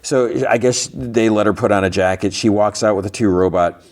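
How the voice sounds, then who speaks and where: Deep-voiced man recapping, rambling. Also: steady tone, normal speed, a little mellow. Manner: rambling, many fillers and restarts. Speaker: podcast host. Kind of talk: casual episode recap.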